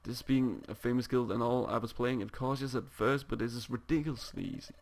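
A man's voice: mid-range voice, steady tone, fairly quick, lightly acted. A man voicing a sly skunk Pokemon villain who speaks with fake politeness in a video game. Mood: scheming. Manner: smarmy, falsely polite.

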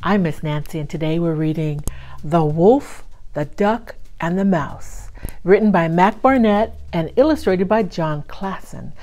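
A woman librarian reading a picture book aloud at a children's storytime, with an expressive read-aloud manner. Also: lowish voice, unhurried.

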